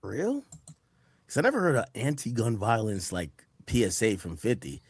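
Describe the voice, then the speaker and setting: A man's voice: on the low side, huge pitch swings, normal speed, husky, dry recording. A man in casual commentary, reading social posts aloud in a matter-of-fact way.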